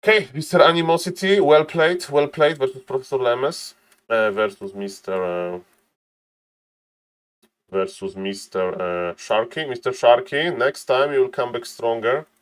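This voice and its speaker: A man casting a strategy game live on stream, excitable, laughing often and calling out to ladies and gentlemen. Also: mid-range voice, measured pace.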